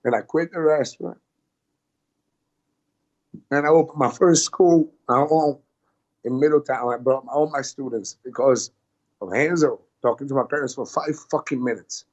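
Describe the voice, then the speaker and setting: A man at a middling pitch tells a story in casual, animated fashion. He rambles, restarts often and swears freely. The audio sounds a little dull, like a modest podcast recording. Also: normal speed, pauses often. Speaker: guest, martial arts coach.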